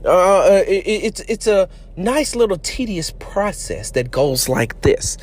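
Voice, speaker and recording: Man, sports podcast host, casual joking chat, high-pitched, dry recording. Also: very animated, unhurried, hardly any pauses, dry recording. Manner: joking, playful storyteller who acts out quotes.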